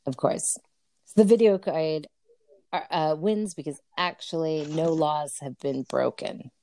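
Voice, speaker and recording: Low-voiced woman, casual chat. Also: a little slow, warm tone. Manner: chatty, laughing, fillers and restarts. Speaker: podcast co-host. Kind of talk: casual chat recapping a film.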